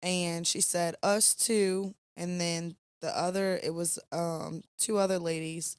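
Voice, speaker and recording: A woman's voice: lowish voice, level tone, measured pace, clear, resonant tone, dry recording, clean studio sound. A young woman, co-hosting a podcast, telling a rambling story late at night, tired and yawning. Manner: chatty, rambling storyteller with fillers. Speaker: podcast co-host.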